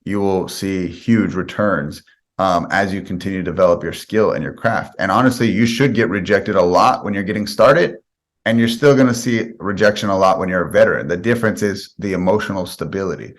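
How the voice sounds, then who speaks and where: Guest spot: a deep-voiced man, earnest and conversational, who lays out his ideas one example at a time. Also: fairly quick. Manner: explains with step-by-step examples. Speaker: guest sales expert. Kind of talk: podcast interview answers.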